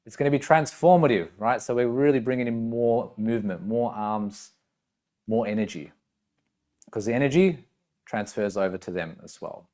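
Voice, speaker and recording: A man's voice: lowish voice, moderate pace, dark tone. A man training coaches. He explains step by step, checks in with "right?" and "okay", and now and then acts out short voice samples. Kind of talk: teaching talk with demonstrations.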